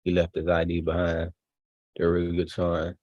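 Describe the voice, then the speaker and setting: A man casually commenting on a video he is watching, relaxed and chuckling often. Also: deep voice, normal speed, no echo, dull audio. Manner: laid-back, chuckling often. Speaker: streamer reacting to a video.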